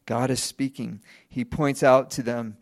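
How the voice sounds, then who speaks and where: A man's voice: mid-range voice, little pitch movement, a little slow. A man in his thirties preaching a sermon in a conversational way, asking the listeners questions and laughing lightly now and then. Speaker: pastor.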